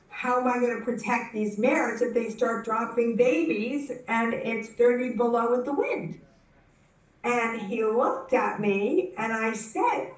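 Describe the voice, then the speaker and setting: Woman speaker, unhurried story delivered at a conference, heard from a distance in an echoey hall. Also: on the high side. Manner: animated, acts out the voices in her story; frequent self-corrections and restarts. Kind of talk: personal storytelling talk.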